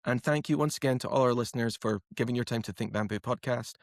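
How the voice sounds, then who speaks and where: A man's voice: medium pitch, fast talker, dry recording, studio quality. A man with an East Coast Scottish accent hosting a podcast interview, chatting in a friendly, rambling way with restarts. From Scotland. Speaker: podcast host. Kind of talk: casual interview chat.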